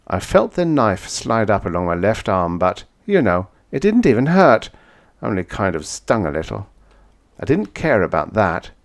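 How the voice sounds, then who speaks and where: A man reading a vintage science fiction story aloud in first person, dramatic, going from hushed to shouting. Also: deep voice. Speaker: audiobook reader.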